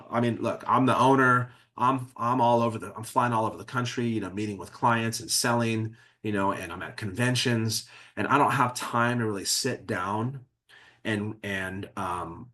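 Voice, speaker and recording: A man's voice: on the low side, bright, forceful tone. A man acting out a busy male business owner who is defensive and exasperated about paperwork.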